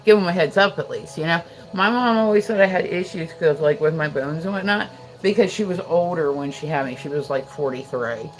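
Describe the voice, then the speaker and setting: A woman's voice: deep voice, fairly quick. A woman hosting a livestream, chatting casually with viewers, rambling with lots of fillers and frequent laughter. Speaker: livestream host.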